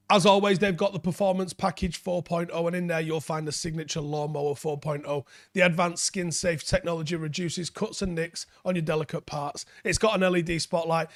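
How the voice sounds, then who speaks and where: Joking podcast host. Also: male voice, a little high. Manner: jokey, reads ad copy with punchy pauses. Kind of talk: casual chat and ad read.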